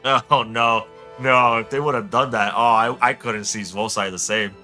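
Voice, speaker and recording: Bright-voiced young male streamer. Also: mid-range voice, moderate pace, soft background music. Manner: rambling, excitable storytelling. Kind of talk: casual gameplay chat.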